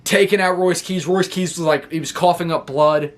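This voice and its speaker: A man's voice: on the high side, steady tone, moderate pace. A man casually recapping a wrestling show, rambling and laughing often as he acts out what the wrestlers said.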